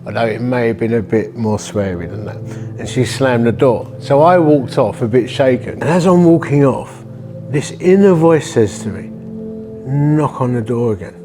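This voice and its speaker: A man's voice: medium pitch, animated, moderate pace, music in the background. A man, a church-planting vicar, telling a personal story in a conversational, vivid way and acting out the voices. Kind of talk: storytelling testimony.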